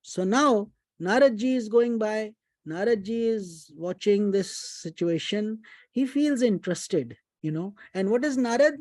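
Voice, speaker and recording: A man, a spiritual teacher giving an unhurried devotional storytelling talk, chanting mantras and mixing in Hindi phrases. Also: high voice, lively intonation, a little mellow, no room sound.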